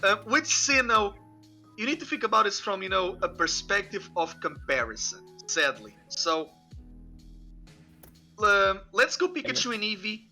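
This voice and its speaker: A man's voice: sits high, very animated, unhurried, bright, forceful tone. A man hosting a podcast, rambling casually with lots of "you know". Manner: rambling, many fillers and restarts. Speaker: podcast host. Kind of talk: casual chat. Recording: faint music behind.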